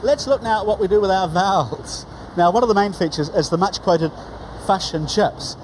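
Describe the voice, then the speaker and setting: A man's voice: high-pitched, normal speed, a little hiss or hum. A man with a New Zealand accent giving wry, scripted documentary narration.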